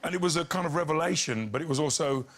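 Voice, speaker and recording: In a TV studio before an audience, a male guest on a chat show tells anecdotes at a quick clip in a higher-pitched voice. He's an animated storyteller who keeps slipping into voices and impressions.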